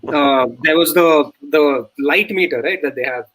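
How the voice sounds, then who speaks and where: A man with a somewhat high voice joins a casual cricket watch-along, laughing often as he tells stories. He swears freely and keeps the tone loose and chatty. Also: measured pace, fairly bright tone, rough recording. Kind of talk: casual live-stream chat and commentary.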